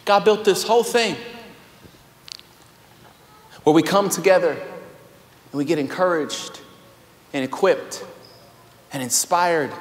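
A man preaching an energetic sermon as a pastor, shouting at peaks, then dropping to a quiet, conversational tone. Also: a little high, a little hiss or hum. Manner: animated, shouts and laughs, swings from loud to quiet. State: out of breath. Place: large church hall. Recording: long hall reverb, faint room ambience.

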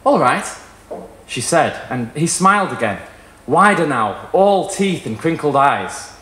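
A man reading a short story aloud at a live event, in an expressive storytelling manner. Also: fairly high pitch, a little slow. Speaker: reader. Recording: echoey room at a live reading.

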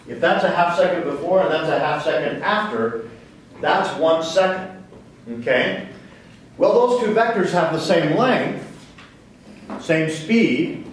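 A man's voice: a little high, far from the mic, slight background noise. A man giving a physics lecture to a class, asking questions and answering them himself. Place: lecture hall. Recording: very echoey hall, voice from off-mic.

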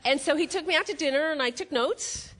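A woman's voice: sits high, a little fast. A middle-aged woman giving a motivational keynote on stage before a live audience, telling stories and acting out the quotes. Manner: animated storytelling, acts out quotes, laughs at own jokes.

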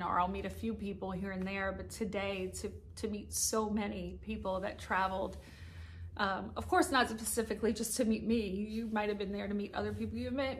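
A middle-aged woman speaks in a casual vlog straight to her viewers, emotional and close to tears, often laughing and restarting her sentences. Her voice sits at an ordinary middle pitch, and a faint hum of room ambience runs underneath. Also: a bit bright. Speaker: casino slot vlogger. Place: hotel room upstairs at a casino.

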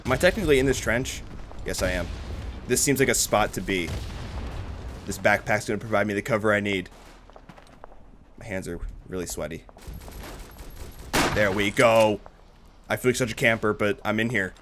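A man giving excitable, profane gameplay commentary, shouting battle cries while he plays. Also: on the low side, moderate pace, long pauses, noisy background. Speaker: gaming YouTuber. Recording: game music and gunfire behind. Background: game music and gunfire.

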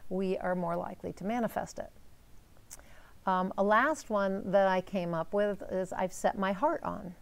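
A woman teaching in a casual, coaching way, checking in often with quick "right?" and "okay?" asides. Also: medium pitch. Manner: coaching, upbeat, uses rhetorical "right?" and "okay?". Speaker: manifestation coach.

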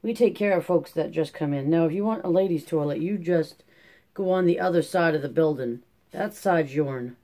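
A man's voice: a little high, moderate pace, close to an everyday voice. A man voicing a stern, proud elderly male camp caretaker with a rural drawl. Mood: proud, kindly. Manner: rural drawl, gruff then softening.

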